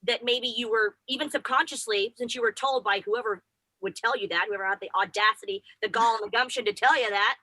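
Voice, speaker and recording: Fast, bright, effusive woman co-host. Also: on the high side, no echo, low-quality recording. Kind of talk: casual chat.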